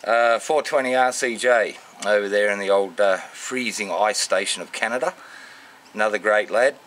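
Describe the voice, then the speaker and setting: A man with an Australian accent giving casual, unscripted shout-outs in a matey, rambling way full of slang. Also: lowish voice, moderate pace. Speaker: vlogger.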